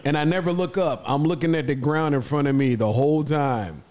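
A man in a casual chat, joking and telling stories in an animated way. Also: a little high, fairly quick.

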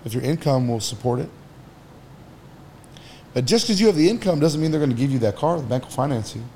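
A man's voice: mid-range voice, lively intonation, brisk, mellow, slight background noise. A man on a podcast as an entrepreneur guest, talking casually and bluntly, with some swearing, while he gives advice. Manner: blunt, profane, advice-giving.

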